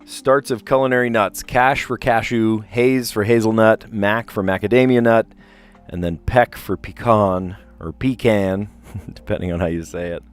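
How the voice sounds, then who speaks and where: A man streaming himself solving word puzzles, chatting casually and thinking out loud as he reads clues. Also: on the low side, fairly even intonation, normal speed, faint music behind. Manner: chatty, rambling, reads clues aloud and muses over answers. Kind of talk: casual live-stream commentary, thinking aloud.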